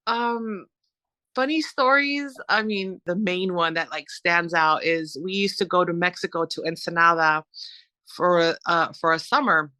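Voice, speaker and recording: A woman from Southern California, a podcast guest, telling stories in an animated, rambling way with many fillers. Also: on the low side, unhurried, dry recording. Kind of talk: conversational storytelling.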